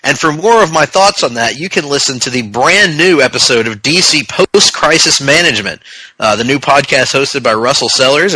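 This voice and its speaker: A man with a bright, forceful voice cohosts a casual comic book podcast. He rambles and jokes, riffing into silly tangents. The sound is dry and close to the mic. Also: mid-range voice, dry recording, low-quality recording. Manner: joking, rambling, riffs into silly bits. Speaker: podcast co-host.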